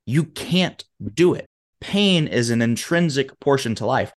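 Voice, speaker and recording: A man who is a motivational speaker, guesting on a talk show, telling a story in an animated way and acting out its characters. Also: medium pitch, unhurried.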